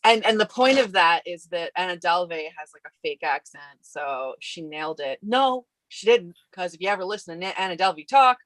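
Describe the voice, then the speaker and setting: A woman's voice: fairly low pitch, expressive, a little fast, few pauses, fairly bright tone, dry recording, poor audio. A woman co-hosting a podcast in casual chat, teasing and wry.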